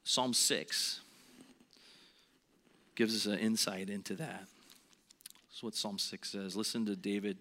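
Bright-voiced man preaching earnestly. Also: fairly low pitch, steady tone, slow pace, pauses often. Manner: earnest, drops to a hush on heavy points. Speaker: pastor. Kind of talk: sermon.

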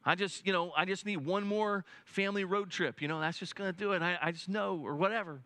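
High, bright-voiced preaching man. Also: steady tone, a little fast, no echo. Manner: earnest, with many restarts, dropping low and soft at solemn points. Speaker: pastor. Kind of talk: sermon.

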